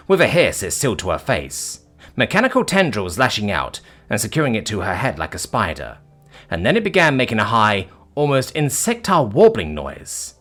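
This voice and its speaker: A man narrating a sci-fi story in a scripted, expressive storytelling manner. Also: on the low side.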